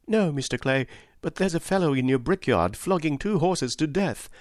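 A man reading aloud puts on an earnest young stable boy with a voice pitched well above the reader's own. He pleads and protests in a raised, excited tone, quick to stand up for what is right. The storybook reading sits in a dry, close space. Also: no echo. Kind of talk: audiobook character reading.

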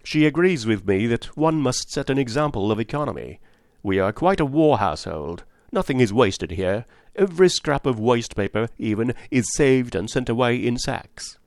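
Male reader doing a bossy old lady over 60, fussy and commanding, lifted pitch, lively. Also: moderate pace, no room sound, studio quality, close to an everyday voice. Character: bossy elderly lady of the house.

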